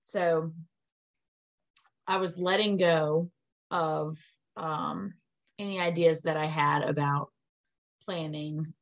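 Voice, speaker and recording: Young woman podcasting solo, rambly storytime, says like a lot, swears, voice a bit low but jumps up when excited. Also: slow pace, pauses often, muffled recording. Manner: rambling, animated, frequent "like" fillers, swears. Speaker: podcast host.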